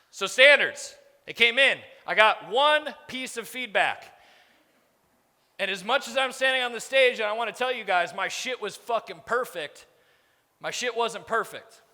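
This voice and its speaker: A man's voice: sits high, pushed and bright. A man in his thirties giving a blunt, profane motivational keynote on stage, acting out quoted conversations as he goes. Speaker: business speaker on stage. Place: large conference hall. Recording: reverberant hall, stage mic.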